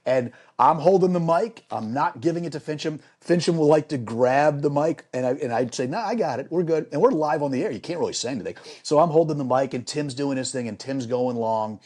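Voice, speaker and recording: Middle-aged broadcaster man, dark, animated storyteller. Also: on the high side, a little fast, hardly any pauses. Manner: lively anecdotal, repeats phrases for emphasis. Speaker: sports broadcaster guest. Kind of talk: animated storytelling in a podcast interview.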